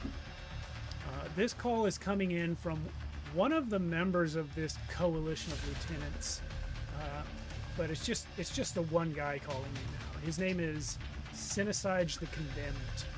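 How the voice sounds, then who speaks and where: A man narrating a tabletop game as game master, unhurried, with many fillers. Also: a little high, music in the background.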